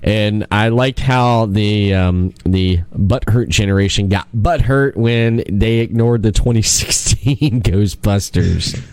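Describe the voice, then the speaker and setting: A man hosting a podcast in casual chat, an animated storyteller who laughs a lot and restarts his sentences. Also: on the low side, slow pace, hardly any pauses, clean tone, dry recording. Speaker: podcast host.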